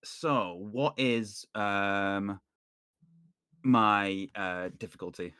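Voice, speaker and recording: A man playing in a tabletop game, playful and lively, who sometimes stammers. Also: fairly low pitch, drawn-out words, clean tone, dry recording, clean studio sound. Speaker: player.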